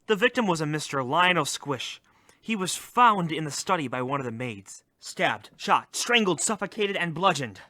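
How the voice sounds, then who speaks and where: A man's voice: on the high side, expressive, normal speed, pushed and bright, dry recording. A young man playing a blunt, impatient detective in a student sketch comedy. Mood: stern. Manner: curt, snapping.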